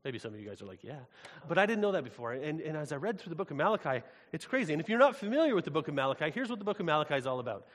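A man preaching a sermon in a casual, animated, conversational way. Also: on the high side. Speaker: pastor. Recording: long hall reverb.

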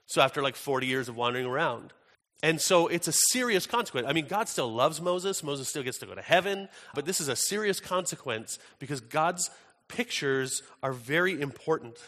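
A man's voice: on the high side, animated, normal speed, sharp tone, big-room sound. A man preaching a sermon as pastor, telling Bible stories in a conversational way with fillers and restarts.

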